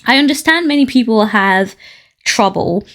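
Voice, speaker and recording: A woman from Nigeria hosting a podcast, reading out online stories and reacting with outspoken, animated commentary and frequent laughter. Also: fairly high pitch, normal speed. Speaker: podcast host.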